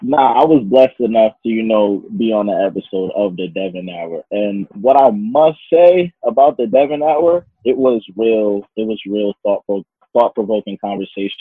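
A man's voice: lowish voice, animated, normal speed, hardly any pauses, husky, no echo, narrow, tinny audio. A man guesting on a podcast, talking in a laid-back, slangy, grateful way. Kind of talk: casual interview chat.

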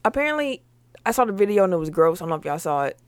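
Woman, podcast host, casual sports chat, teasing, lively pitch, dry sound. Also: rapid-fire, clear, resonant tone, no room sound. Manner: laughs often, teasing.

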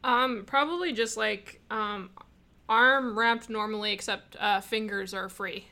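A woman playing a captain in a tabletop role-playing game, hesitant and halting, repeating words as she thinks. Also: medium pitch, pushed and bright. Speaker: player.

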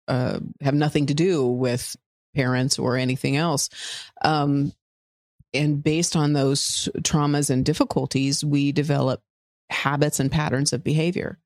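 A woman calmly explaining her views on healing from past hurts, in a measured, thoughtful way. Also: very deep voice, no room sound, clean studio sound. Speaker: married guest sharing relationship experience. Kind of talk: reflective conversational explanation.

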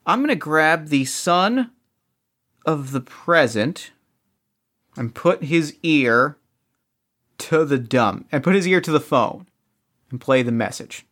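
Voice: mid-range voice, lively intonation, slow pace, pauses often, fairly bright tone. A player in an escape-room game who thinks aloud, restarts sentences and jokes at their own expense. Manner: restless restarts, self-mocking.

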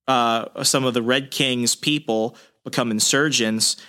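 A man's voice: medium pitch, a little slow. A man hosting a podcast, casually retelling a comic story and acting out the characters' lines. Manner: animated storyteller who acts out quotes. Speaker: podcast host.

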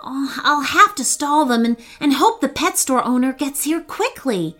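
A woman voicing a clever young boy in a children's storybook, whispering softly and politely asking for help. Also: high-pitched, expressive, a little slow, voice pushed up. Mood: worried. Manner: soft whispering, polite and pleading.

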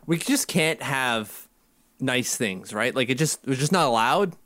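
A man's voice: mid-range voice, lively intonation, measured pace, bright, forceful tone, dry recording. A man co-hosting a casual chat, joking and putting on mocking voices. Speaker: podcast co-host.

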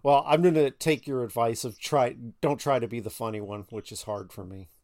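A man from Florida co-hosting a laid-back podcast, with an ordinary pitch. He jokes around and is quick to make fun of himself. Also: darkish tone. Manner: jokey, self-deprecating. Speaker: podcast co-host. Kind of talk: casual podcast chat.

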